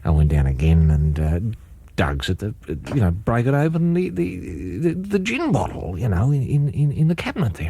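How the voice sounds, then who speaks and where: A middle-aged man tells a comic story in a halting, rambling, deadpan way. His voice sits very low and sounds husky and mellow. The recording is dry and close. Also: dry recording. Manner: rambling, halting, full of restarts. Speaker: comedy radio host.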